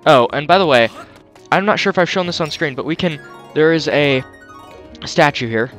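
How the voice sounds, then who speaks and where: A man's voice: fairly high pitch, normal speed, pauses often, fairly bright tone, soft background music. A man on a headset mic giving jokey, self-mocking commentary while playing a video game. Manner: jokey, self-mocking, laughs at own jokes. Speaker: let's play host. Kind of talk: gameplay commentary.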